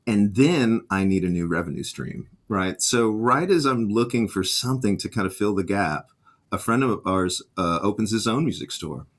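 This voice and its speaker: A middle-aged man, a guitarist and music teacher, telling lively anecdotes in a casual interview and acting out the voices of the people he quotes. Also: on the low side, moderate pace.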